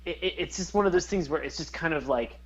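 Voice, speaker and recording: A man co-hosting a podcast in casual chat, rambling and animated as he searches for words. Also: fairly high pitch, fast, lo-fi sound. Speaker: podcast co-host.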